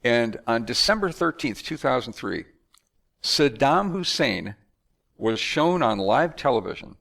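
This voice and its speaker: A man from the United States talking in a conversational monologue, animated and acting out announcers and magicians. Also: medium pitch, gravelly. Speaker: speaker.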